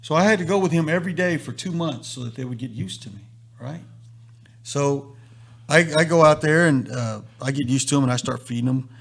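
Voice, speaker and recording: A man with a fairly high, gravelly voice and a husky edge tells stories on a live stream. He is an animated storyteller who acts out what everyone in the story said. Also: fairly quick. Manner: animated storyteller acting out quotes. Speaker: host.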